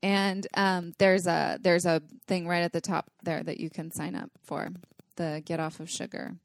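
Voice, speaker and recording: A woman guest on a podcast, a Chinese medicine doctor, explaining her programs in a relaxed way with easy laughs. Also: on the low side, moderate pace, creaky, no echo, studio quality. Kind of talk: casual podcast interview.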